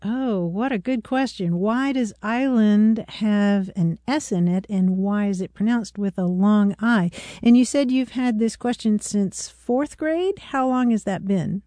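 A woman's voice: medium pitch, unhurried, hardly any pauses, mellow, no echo. A woman co-hosting a call-in radio show, friendly and asking callers follow-up questions. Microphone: studio microphone.

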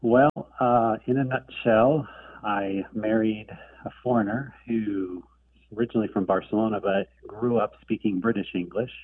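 A man's voice: lowish voice, fairly even intonation, normal speed, breathy edge, recorded from a distance. A man from Ohio with an American Midwestern accent, calling in to a radio show with a chatty, self-deprecating question. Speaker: caller. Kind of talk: phone-in question. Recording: tinny phone line.

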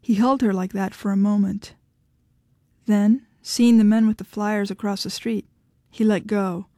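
A woman narrating literary fiction in a calm, measured reading. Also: medium pitch, no echo, studio quality.

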